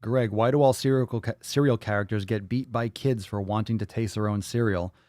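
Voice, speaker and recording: A man's voice: on the low side, steady tone, a little fast, a little mellow, no echo, studio quality. A man hosting a fitness podcast, chatting crudely and joking as he reads out comments from home. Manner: profane, laughing, jokey. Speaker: podcast host. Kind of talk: crude casual chat reading viewer comments. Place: small room at home.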